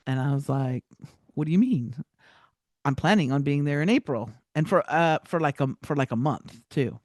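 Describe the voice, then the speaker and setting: A woman telling a personal story as a podcast guest, animated, with many restarts and acted-out quotes. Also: sits low, normal speed, dry recording, studio quality.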